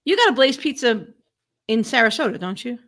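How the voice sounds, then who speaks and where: A woman co-hosting a casual live stream chat about food, chatty and quick to laugh, often restarting her words. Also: fairly high pitch, big pitch swings, a bit bright.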